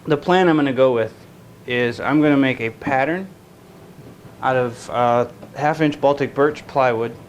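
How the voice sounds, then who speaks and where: With an unhurried, mid-range voice, a guitar builder hosts his casual workshop channel from a woodworking shop. He rambles, restarts often and amuses himself by talking in an invented silly accent. The audio is dull with a little hiss or hum.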